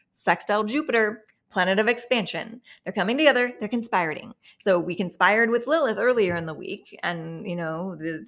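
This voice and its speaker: A woman's voice: lowish voice, a bit bright. A woman hosting a weekly astrology and tarot forecast, talking in a chatty, enthusiastic, digressive way. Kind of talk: casual forecast talk.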